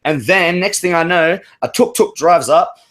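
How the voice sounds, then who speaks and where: A man on an open-mic hangout call, talking in a loose, rambling way with plenty of swearing. His voice sits slightly high for a man, and he keeps his stories going without a pause. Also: fairly bright tone. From Australia. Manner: rambling, profane storytelling. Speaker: caller. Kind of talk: casual open-mic chat.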